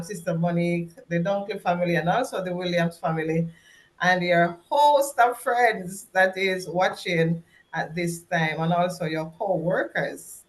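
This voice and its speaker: A woman with a Jamaican accent hosting a casual faith-based interview, laughing often and filling pauses with "um" and "all right". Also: fairly low pitch. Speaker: host.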